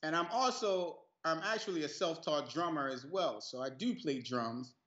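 A man's voice: on the high side, lively intonation, moderate pace, fairly bright tone, reverberant, dull audio. Laid-back laughing man on a call. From New York City. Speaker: guest actor. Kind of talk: casual interview chat.

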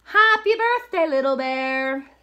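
A woman's voice: sits high, wildly swooping pitch, very slow, bright, forceful tone, voice pushed up, heavily acted. A woman doing a doubtful playful cat.

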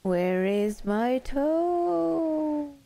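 A woman's voice: sits high, sing-song, creaky, warm tone, dry recording, pitched above the performer's own voice, heavily acted. A woman voicing a groaning toe-hunting creature. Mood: moaning. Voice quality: drawn-out, slow, ghostly groan.

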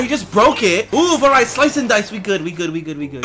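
Excitable high-voiced young man reacting. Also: a little fast, hardly any pauses, very noisy. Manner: excitable, shouts and laughs at the screen; slangy casual talk. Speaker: anime reaction YouTuber. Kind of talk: live reaction commentary.

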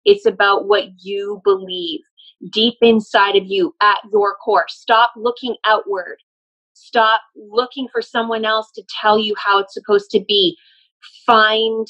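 A woman's voice: medium pitch, steady tone, unhurried, a bit bright, muffled recording. A woman working as a medium, earnestly explaining and relaying messages in casual conversation. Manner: earnest, explanatory, often laughing. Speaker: medium channeling a spirit.

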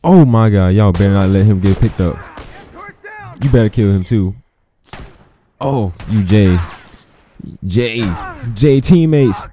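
A man's voice: fairly low pitch, a little slow, pauses often, mellow, a little hiss or hum. A man giving casual gameplay commentary, chatting laid-back and trash-talking his teammates with a lot of swearing. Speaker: gaming commentator.

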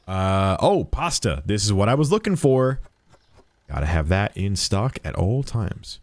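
A man's voice: lowish voice, sing-song, normal speed, no echo. A young man streaming a game, chatting playfully as he plays a shopkeeper and jokes with customers. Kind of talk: let's-play commentary.

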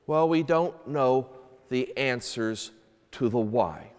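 A man's voice: mid-range voice, takes it slowly, smooth. A man, a priest, reading the gospel and preaching a homily at Sunday mass, earnest and emphatic when he asks questions. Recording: echoey church with long reverb.

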